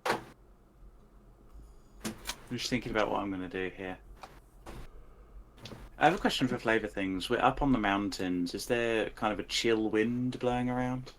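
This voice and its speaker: List: man, very low voice, hesitant, thinking aloud, faint background noise. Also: moderate pace, pauses often, a bit bright. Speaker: player. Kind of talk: tabletop game play.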